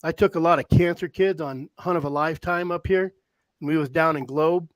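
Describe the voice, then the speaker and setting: Guy telling long rambling hunting stories, a bit high-pitched, super dry mic. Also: fairly quick, dry recording. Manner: rambling, animated storyteller with frequent restarts. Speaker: podcast host, hound hunter. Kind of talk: casual storytelling chat. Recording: dry close-mic sound.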